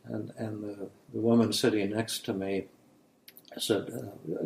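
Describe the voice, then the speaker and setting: A man, a psychiatrist and podcast host, tells a story in casual conversation, earnest and halting, often repeating words as he goes. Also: fairly low pitch, flat delivery, creaky, darkish tone, echoey room, rough recording.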